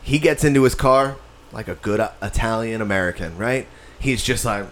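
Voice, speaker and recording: A man's voice: fairly low pitch, normal speed, a little hiss or hum. A man telling a story in casual chat, swearing freely and acting out the other people's lines. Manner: profane, animated storyteller who acts out other people's lines. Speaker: podcast co-host telling a story.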